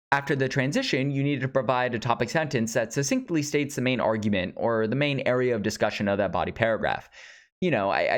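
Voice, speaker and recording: A man teaching speech writing in a casual, conversational lecture over slides, with frequent fillers. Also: fairly low pitch. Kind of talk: instructional lecture.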